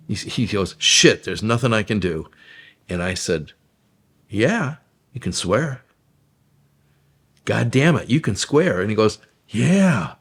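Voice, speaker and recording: A man from a vaudeville troupe telling stories about his work in an interview, in a halting way with fillers and laughter. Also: lowish voice, lively intonation, slightly rough. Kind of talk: interview storytelling.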